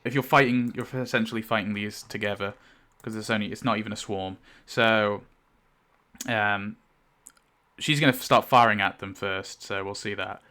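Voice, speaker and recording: A man's voice: lowish voice, fairly even intonation, moderate pace, bright, forceful tone. A man running a tabletop game as game master, rambling with many fillers and laughs.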